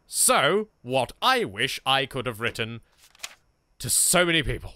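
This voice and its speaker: A man's voice: medium pitch, sing-song, measured pace, bright, forceful tone, no echo, clean studio sound. An Englishman hosting a let's play, chatting casually and joking as he talks to objects in the game and swears now and then. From England. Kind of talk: casual gameplay commentary.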